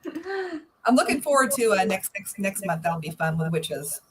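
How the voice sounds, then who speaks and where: A woman co-hosting an online book club chat, relaxed and agreeable, mostly giving short replies. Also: mid-range voice, normal speed, crowd noise. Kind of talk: casual video chat.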